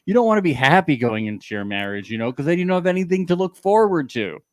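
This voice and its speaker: A man's voice: fairly high pitch, sing-song, fast, dry recording. A man co-hosting a casual recap show, sarcastic and jokey, now and then slipping into a mock drawl. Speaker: podcast co-host.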